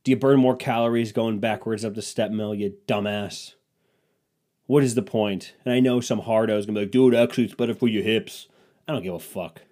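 This podcast host is a young man whose voice sits on the low side, steady and mellow, moving at a fairly quick clip. Alone at the mic, he tells funny stories in a crude, rambling, self-deprecating way.

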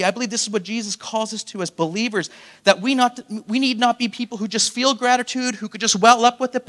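A man's voice: high voice, bright, forceful tone. A man preaching a sermon as pastor, asking his congregation rhetorical questions and throwing in playful asides. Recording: long hall reverb.

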